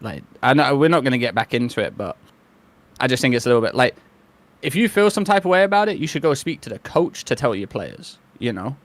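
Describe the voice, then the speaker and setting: A man's voice: mid-range voice, big pitch swings, a little fast. A man co-hosting a casual esports podcast, rambling with many fillers. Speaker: podcast co-host.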